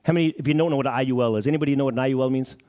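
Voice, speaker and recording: A man's voice: medium pitch, fairly even intonation, rapid-fire, mellow. A middle-aged man giving a live motivational talk to an audience in an event room, pumping up the crowd with questions. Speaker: motivational speaker at a sales event.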